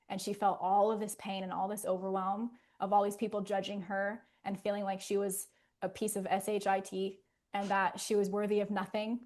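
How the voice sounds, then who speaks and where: A woman therapist talks in an interview at a medium pitch. Her manner is earnest and gentle as she explains. She often drops into a soft, soothing hush.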